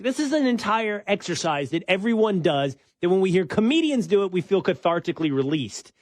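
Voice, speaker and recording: Male talk show host, slightly higher voice, argues his point conversationally, dry close studio sound. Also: fairly quick, hardly any pauses, no room sound. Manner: conversational, argumentative, animated when making a point. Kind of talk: opinion talk show discussion.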